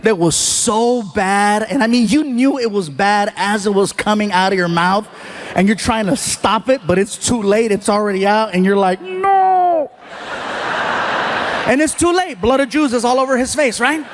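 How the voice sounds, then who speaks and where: A man doing stand-up comedy on a large stage, telling a story and acting out other people's voices with shouted punchlines. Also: high voice, normal speed. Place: large theater stage before a live audience. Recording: live stage recording with audience noise.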